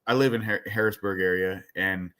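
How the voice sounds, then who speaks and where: A middle-aged man, a fishing guide, telling stories in casual, animated and profane podcast chat. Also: deep voice, brisk.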